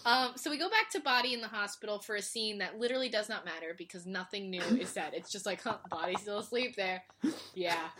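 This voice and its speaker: A young woman recapping a story in casual chat, animated and laughing, acting out characters in quick voices. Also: medium pitch, background noise.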